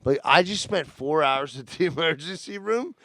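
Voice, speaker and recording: A man co-hosting a casual podcast, telling an animated, profane story with quoted voices. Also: fairly high pitch, normal speed, dry recording, studio quality. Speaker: podcast co-host. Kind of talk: casual chat.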